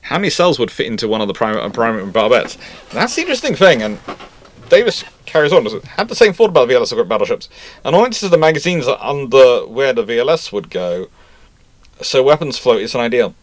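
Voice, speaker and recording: A man's voice: mid-range voice, big pitch swings, fast. A man hosting a history channel, chatting casually and correcting himself as he reads out viewer comments. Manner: rambling, self-correcting, chatty.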